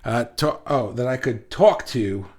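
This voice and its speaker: A man hosting a casual livestream, talking excitedly to viewers and reading their comments, halting often with restarts. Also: mid-range voice. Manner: says he talks fast when excited. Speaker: livestream host. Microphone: phone.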